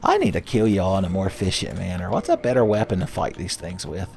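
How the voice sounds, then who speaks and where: A man's voice: low-pitched, wildly swooping pitch, quick pace, gravelly, darkish tone, slight background noise. A man hosting a game let's play with rambling, jokey, profane commentary. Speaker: gaming channel host.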